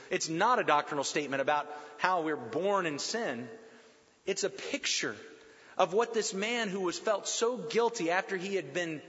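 A man preaching a sermon in an animated, emphatic way, slowing down and repeating lines to drive points home. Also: sits high. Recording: dull sound with long hall reverb.

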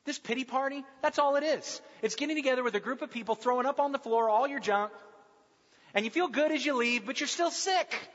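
A pastor preaching a sermon in a conversational, humorous way that often slips into mimicking people. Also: male voice, very high voice, a little fast, a bit bright. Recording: dull sound with long hall reverb.

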